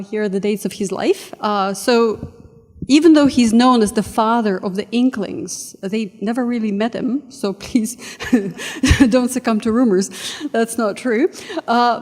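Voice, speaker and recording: A woman giving a friendly, hesitant lecture to a room, with many fillers. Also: medium pitch. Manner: friendly, hesitant with fillers, reads quotes with animated emphasis. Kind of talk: university lecture. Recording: long hall reverb.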